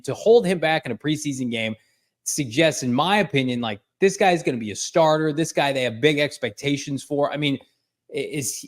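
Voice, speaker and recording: A man hosting a sports podcast, asking questions in a punchy, casual way. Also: mid-range voice. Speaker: podcast host.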